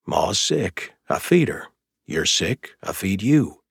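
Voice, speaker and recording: A man voicing a caring, plainspoken older brother who talks in an easygoing, steady way. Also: low-pitched, slow pace, vocal fry, slightly rough, no room sound, studio quality, exaggerated voice.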